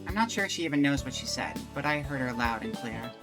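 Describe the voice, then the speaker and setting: Over music, a streamer speaks in an animated, mid-range voice that runs a little fast. They chat openly with viewers and read a visual novel aloud, rambling and frequently restarting.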